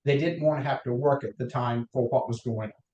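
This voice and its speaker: A man's voice: mid-range voice, fairly even intonation, a little fast, a little mellow, lo-fi sound. A middle-aged man from North Carolina with a Southern accent, a guest on a podcast interview who tells long career stories with many restarts. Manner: rambling anecdotes with restarts, acts out quotes. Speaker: guest, mortgage lender. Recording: roomy echo.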